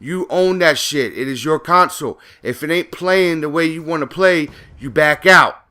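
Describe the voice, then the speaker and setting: A man's voice: on the high side, normal speed, pushed and bright, clear, resonant tone. A man, a gaming YouTuber, talking in a casual, profane, rambling rant over gameplay commentary.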